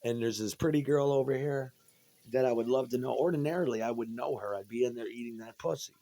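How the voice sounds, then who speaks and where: A man's voice: medium pitch, fast talker, warm tone. A man in a rambling, profane monologue from home, agitated and tripping over his words. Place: at home, indoors.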